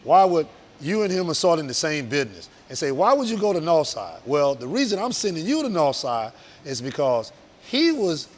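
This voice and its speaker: A man's voice: on the high side, big pitch swings, normal speed. A man, a business owner talking earnestly and emphatically as an interview guest. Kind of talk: casual interview talk.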